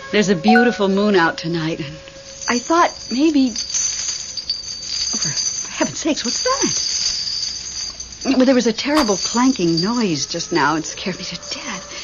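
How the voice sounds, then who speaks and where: An actress playing a lonely, nervy widow in an old radio drama, talking in a fretful, breathless way. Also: female voice, mid-range voice. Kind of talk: 1970s radio drama acting. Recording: muffled old radio broadcast, faint hiss.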